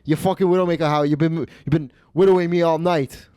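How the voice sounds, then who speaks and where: A man putting on a brash drunk gambler, high, loud, cursing, taunting, dry close sound. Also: steady tone, fast, smooth, no room sound, lightly acted. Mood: abusive.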